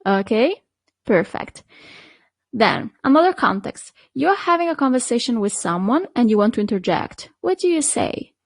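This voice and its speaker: A woman with an Italian accent teaching an online Italian lesson, patient and checking in often with quick questions to the learner. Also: on the high side, big pitch swings, no echo. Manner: patient, checks in with frequent "okay?" and "perfect".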